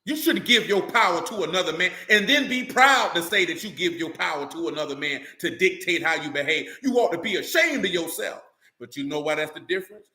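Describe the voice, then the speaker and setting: A man's voice: high-pitched, animated, brisk, bright, forceful tone, roomy sound. A man preaching a sermon in a blunt, colloquial way, full of rhetorical questions.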